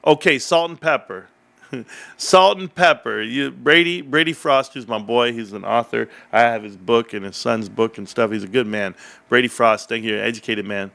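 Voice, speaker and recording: A man's voice: medium pitch, normal speed, gravelly. A man hosting a casual livestream, rambling and joking as he chats and reads the chat. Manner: rambling, animated, jokey. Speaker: livestream host.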